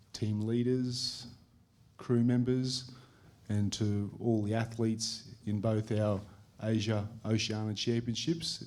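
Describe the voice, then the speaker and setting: Measured man giving a formal welcome. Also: on the low side, darkish tone. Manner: measured, deliberate delivery. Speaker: organising committee director.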